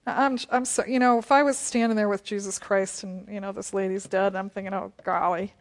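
Woman, Bible study teacher, chatty, reads scripture aloud, mid-pitched voice. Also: flat delivery, a little fast. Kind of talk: Bible study reading and commentary.

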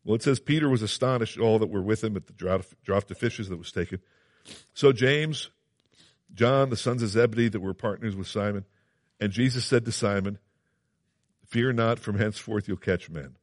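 Low-ish guy preaching a sermon, earnest, keeps asking "do you see", dry close sound. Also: a little fast, dry recording. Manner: earnest, emphatic, repeats phrases, asks the congregation questions.

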